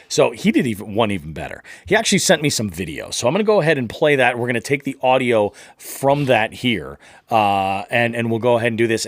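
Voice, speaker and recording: A man's voice: lowish voice, no room sound. A man hosting a fishing podcast, talking casually with many fillers and the odd curse. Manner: laid-back, filler-heavy, swears casually. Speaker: podcast host. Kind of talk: casual chat.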